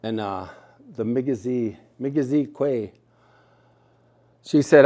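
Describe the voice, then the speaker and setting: A middle-aged man telling a story at a community gathering, relaxed and humorous with jokey asides. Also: mid-range voice, slow pace, pauses often. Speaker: storyteller and speaker.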